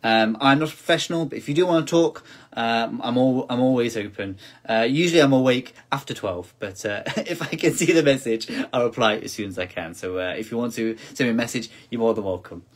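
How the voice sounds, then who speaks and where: A man with a somewhat husky, breathy voice hosts a relaxed home quiz stream. He talks in a chatty, easygoing way and reads every question out more than once. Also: medium pitch, a little fast. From United Kingdom. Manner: chatty, repeats each question several times, laughs at himself. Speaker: quiz host. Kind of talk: casual live-stream quiz hosting.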